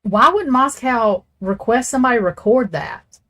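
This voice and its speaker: A woman's voice: on the high side, lively intonation, normal speed, fairly bright tone. A woman hosting a casual true crime talk, rambling and blunt, swearing freely as she speaks straight to her viewers. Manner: rambling, blunt and profane, talks straight to chat. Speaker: true crime channel host.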